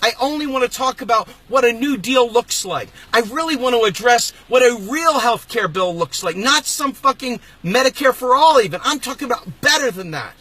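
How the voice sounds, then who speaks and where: A man hosting his own political channel, delivering an angry, emphatic rant and sometimes shouting. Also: very high-pitched, animated, normal speed, few pauses. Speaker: host of a political video channel. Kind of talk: impassioned political rant to camera.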